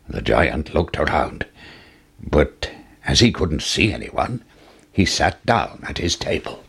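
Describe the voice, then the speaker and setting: A man reading a fairy tale aloud in a slow, expressive, sing-song way. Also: rumbling low, gravelly, slightly rough. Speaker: storyteller.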